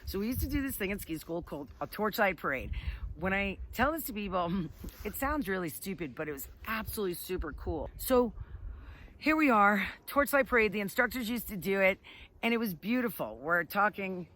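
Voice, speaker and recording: A woman ski instructor telling a story outdoors on a ski slope, animated and laughing often. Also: mid-range voice, a little fast. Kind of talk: casual storytelling.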